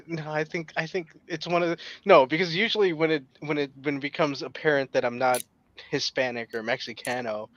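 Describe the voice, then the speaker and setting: A man's voice: a little high, fairly even intonation, brisk, a bit bright. Laughing, swearing man on a dull line. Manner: profane, laughs between phrases. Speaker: podcast guest. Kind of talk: casual crude banter. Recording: dull lo-fi sound.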